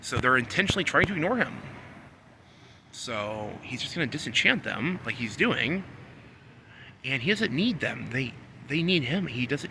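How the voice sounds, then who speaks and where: A man in a rambling solo monologue, repeating himself and swinging between low muttering and loud, insistent scolding. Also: big pitch swings, moderate pace, pauses often, noisy background. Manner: repetitive, talks about himself in the third person. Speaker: vlogger.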